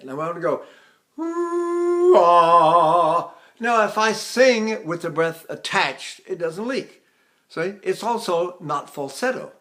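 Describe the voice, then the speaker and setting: An older man, a voice teacher, explaining singing technique with halting restarts and sung demonstrations. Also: high-pitched, a bit bright.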